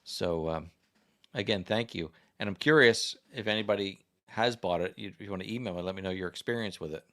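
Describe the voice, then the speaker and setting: The American livestream host speaks a little fast in a fairly low, fairly bright voice. His talk is casual and rambling as he reads viewer comments into a desk microphone and questions the audience.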